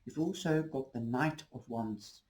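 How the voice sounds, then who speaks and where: A man's voice: mid-range voice, unhurried, a little mellow, poor audio. A man giving a casual, rambling tarot reading to camera, losing his voice. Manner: rambling, reassuring, restarts often. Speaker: tarot reader.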